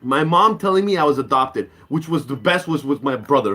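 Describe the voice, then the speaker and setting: Animated profane male stand-up comic. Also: fairly high pitch, brisk. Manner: acts out quoted voices. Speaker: comedian. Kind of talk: stand-up comedy.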